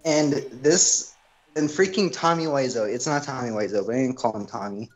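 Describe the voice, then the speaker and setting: A man's voice: mid-range voice, normal speed, poor audio. A young man chatting casually at home, telling a long rambling story and saying "freaking" a lot. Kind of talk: casual chat.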